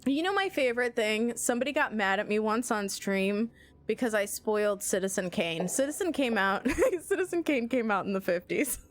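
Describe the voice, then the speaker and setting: An American woman streaming a game, laughing constantly and swearing as she comments. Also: fairly high pitch. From United States. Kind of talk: live gameplay commentary.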